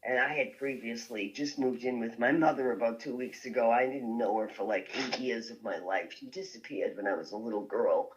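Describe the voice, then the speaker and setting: A woman telling a story as a podcast guest, lively and laughing often as she goes. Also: very deep voice, a little fast, hardly any pauses, highs cut off.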